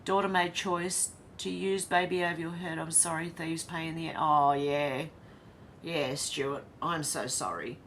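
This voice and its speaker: A woman's voice: low voice, fairly even intonation, unhurried, a bit bright, slight background noise. An Australian woman hosting a casual live stream, reading viewer comments aloud, chatty and blunt, laughing often and swearing.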